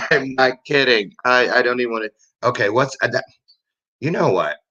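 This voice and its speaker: A man's voice: mid-range voice, animated, moderate pace, sharp tone, muffled recording. A man in his fifties hosting a casual talk show, rambling and joking with frequent laughs. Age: over 50. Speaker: host. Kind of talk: casual chat show monologue.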